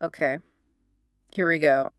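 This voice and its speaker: Woman, lesson podcast co-host, friendly, lowish voice, clear and smooth. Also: steady tone, a little slow, no room sound. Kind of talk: scripted teaching dialogue.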